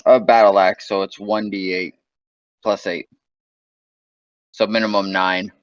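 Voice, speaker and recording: A man's voice: on the low side, flat delivery, measured pace. A man playing in an online tabletop game, asking about the scene and stating his actions plainly. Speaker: player. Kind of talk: casual tabletop game chat. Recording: dull lo-fi call audio.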